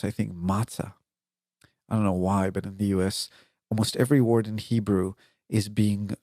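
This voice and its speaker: A man hosting a podcast, from Israel, telling a personal story in an unhurried, explaining way with frequent fillers and asides. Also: lowish voice, vocal fry, darkish tone, dry recording, studio quality. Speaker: podcast host.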